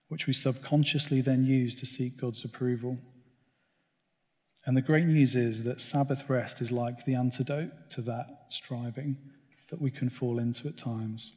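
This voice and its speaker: A man's voice: mid-range voice, a little mellow. Earnest man preaching in a reverberant hall. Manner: earnest, personal, conversational. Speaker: church speaker. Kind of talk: sermon talk. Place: church gathering. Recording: long reverb of a large hall.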